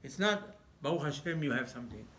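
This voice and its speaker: A man's voice: on the high side, expressive, fairly quick, fairly bright tone. A male rabbi giving an emphatic sermon, full of rhetorical questions and broken English.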